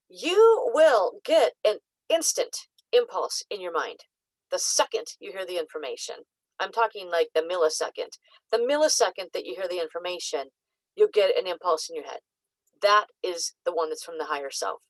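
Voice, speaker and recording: A woman psychic coach talking casually to camera, teaching with lots of "like" and "um" and lively acted-out asides. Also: fairly low pitch, normal speed, no echo, rough recording.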